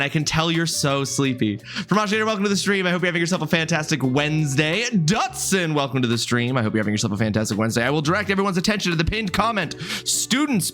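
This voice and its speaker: A man's voice: fairly high pitch, a bit bright. A man in his thirties chatting casually on a livestream, greeting viewers by name and answering their comments.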